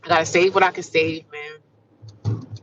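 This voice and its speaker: A middle-aged woman with a low voice livestreams from her car while driving, chatting casually in a steady, unhurried tone. Upbeat and full of affirmations, she calls her viewers "honey" and "child." The audio is dull and recorded from a distance, with a noisy background.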